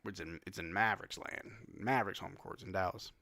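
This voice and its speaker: Bright-voiced sleepy fan streamer. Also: male voice, deep voice, a little fast, vocal fry, dry recording. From New Zealand. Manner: blunt, swings between flat dismay and sudden shouts. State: yawning, sleepy late at night. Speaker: live stream watch-along host. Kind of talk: casual play-by-play and chat.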